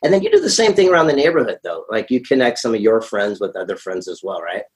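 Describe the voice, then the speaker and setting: A man's voice: on the low side, very animated, fast. Dad in an interview, upbeat, keeps nudging his kid with questions. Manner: upbeat, coaxing, prompts with questions. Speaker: guest, father. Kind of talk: casual interview.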